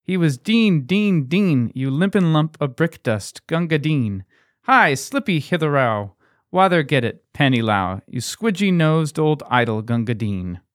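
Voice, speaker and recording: A man's voice: fairly high pitch, big pitch swings, unhurried, no room sound, clean studio sound. A man co-hosting a podcast, reading a poem aloud with a lilting, sing-song rise. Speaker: podcast co-host.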